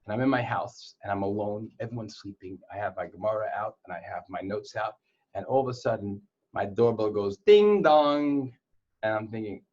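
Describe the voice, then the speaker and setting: A man's voice: lowish voice, moderate pace, darkish tone. Playful man telling jokes, lo-fi. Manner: playful joke-telling storyteller. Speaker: Torah teacher to boys. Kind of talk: casual online class with jokes. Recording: dull lo-fi sound.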